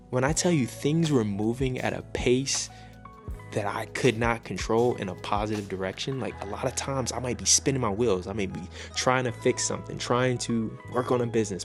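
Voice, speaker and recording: In a gravelly, medium-pitched voice, a faith vlogger shares a personal testimony to camera. He sounds earnest and reflective, repeating phrases to build feeling, with faint music underneath.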